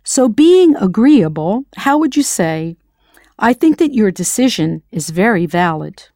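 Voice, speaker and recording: A patient, encouraging American woman leads a scripted audio language lesson, prompting the listener to answer. Her voice sits at a middle pitch. The sound is close and dry, with no room around it. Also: sing-song, unhurried, mellow, dry recording. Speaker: language teacher.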